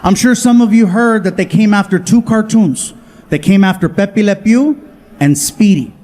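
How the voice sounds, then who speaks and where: Performing live on a comedy stage, this high-pitched man from Southern California does animated stand-up storytelling. He jumps into quick voices to act out his family and friends.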